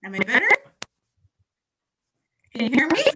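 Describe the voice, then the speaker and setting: A woman's voice: a little high, very animated, normal speed, bright, forceful tone, slight background noise. A woman teacher with a robotic-sounding voice effect, cheerful and going along with the joke. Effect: robotic voice filter.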